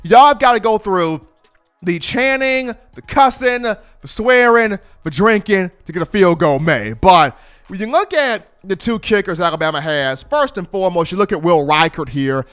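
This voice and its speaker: A man giving casual, animated sports commentary and telling colloquial stories. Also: high voice, moderate pace, clear, resonant tone, soft background music.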